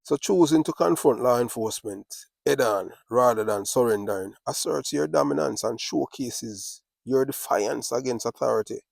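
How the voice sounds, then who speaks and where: A man's voice: medium pitch, normal speed, gravelly, darkish tone, no room sound, clean studio sound. A man with a Jamaican accent, talking in a casual monologue with repetitive, boastful, patois-laced street talk.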